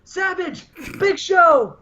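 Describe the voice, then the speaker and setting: A man voicing a boastful adult male wrestler who yells his challenges. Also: extremely high pitch, lively intonation, slow, muffled recording, voice pushed up, heavily acted. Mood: fired up. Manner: yelling challenges.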